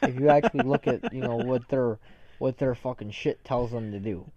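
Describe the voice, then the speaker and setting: A man's voice: mid-range voice, normal speed, warm tone, dry recording. A young man ranting casually and profanely as a podcast co-host, rambling from story to story, on a dull lo-fi recording. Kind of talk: casual rant.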